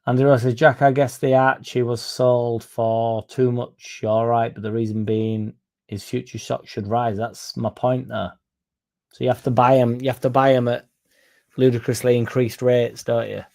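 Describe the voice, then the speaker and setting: Casting: male fan-channel host, gravelly, rambling, sweary live-chat delivery. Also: medium pitch, little pitch movement, moderate pace, a little mellow. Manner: rambling, self-interrupting, sweary. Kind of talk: casual live-stream chat reading comments.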